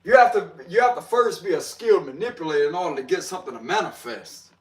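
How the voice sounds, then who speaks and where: A man's voice: a little high, expressive, fast. A man doing a casual livestream tarot reading, slangy and laughing often as he talks to viewers. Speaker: tarot reader.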